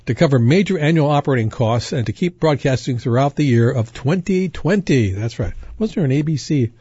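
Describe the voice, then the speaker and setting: A man's voice: on the high side, lively intonation, a little fast, dark tone, husky, dry recording, lo-fi sound. A man working as a radio DJ, making a casual fundraising appeal on air, who repeats details and drifts into tangents. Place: radio studio.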